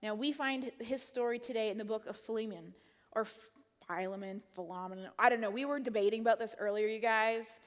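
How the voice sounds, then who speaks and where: A woman giving a casual, chatty sermon, laughing often and filling pauses with "um" and "like". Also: a little high, steady tone. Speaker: church speaker. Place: church auditorium. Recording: long hall reverb.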